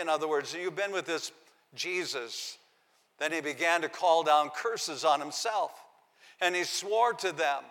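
A man's voice: fairly high pitch, measured pace, fairly bright tone, big-room sound. A man preaching a sermon, reading scripture aloud and giving the quoted lines dramatic emphasis. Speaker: pastor.

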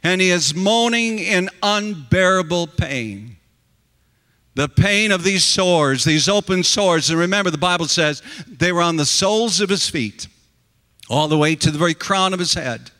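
Male preacher, sermon, high bright voice, slow emphatic delivery, long hall reverb. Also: lively intonation. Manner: earnest, slow and emphatic, addresses the congregation as friends.

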